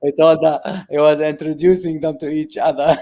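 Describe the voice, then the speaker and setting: Higher-voiced man, halting casual chat. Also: little pitch movement, crowd noise. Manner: halting, searching for words, laughs while telling. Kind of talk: casual chat about films.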